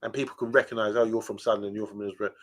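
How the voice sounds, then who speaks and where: A man's voice: fairly low pitch, flat delivery, very fast. A man co-hosting a casual podcast chat, telling rambling stories full of fillers. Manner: chatty storyteller, rambling with fillers. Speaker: podcast co-host.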